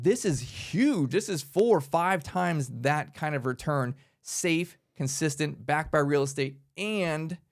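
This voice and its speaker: Upbeat man with a gravelly voice. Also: on the high side. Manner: energetic, emphatic, conversational. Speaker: workshop presenter. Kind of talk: casual instructional talk.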